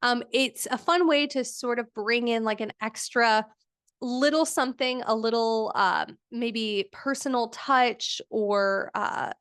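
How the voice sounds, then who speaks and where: A woman's voice: on the high side, slow, a bit bright, smooth, no echo, studio quality. A woman teaching a live online design workshop, casual and chatty with lots of fillers like "um" and "like".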